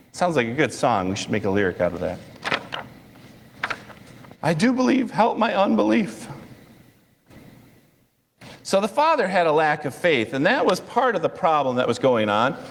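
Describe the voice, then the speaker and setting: A male pastor delivers a sermon in a fairly high voice, telling stories with animation and acting out quotes that jump up in pitch. His voice rings through a church sanctuary with a long reverb tail.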